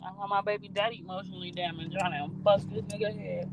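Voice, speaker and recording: A woman in a casual chat with friends, blunt and brash with loud outbursts. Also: medium pitch, steady tone, quick pace, a little hiss or hum, low-quality recording.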